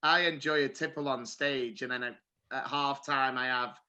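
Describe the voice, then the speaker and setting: A man's voice: medium pitch, fairly even intonation, moderate pace, pushed and bright. A man with a British accent co-hosting a podcast, jokey and chuckling in casual chat. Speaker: podcast co-host.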